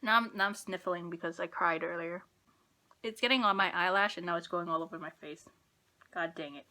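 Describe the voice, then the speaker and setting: A young woman with a bright, clear tone talks her way through a makeup tutorial. She rambles and pokes fun at herself as she applies each product. Her speech is casual and unscripted. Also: on the low side, a little fast. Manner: rambling self-deprecating, talks while applying makeup. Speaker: beauty vlogger.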